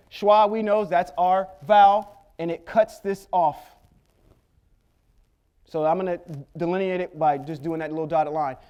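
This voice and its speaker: In this Torah study session, a Bible teacher with a high-pitched, darkish voice goes patiently through Hebrew letters and vowels one step at a time. He keeps asking "okay?" and adds little jokes along the way.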